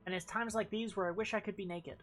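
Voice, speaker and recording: A woman streamer chatting casually over a game, thinking aloud and swearing freely. Her voice sits at a middling pitch. Faint game music plays beneath her talk. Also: steady tone, fast talker, a bit bright. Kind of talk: casual live game commentary.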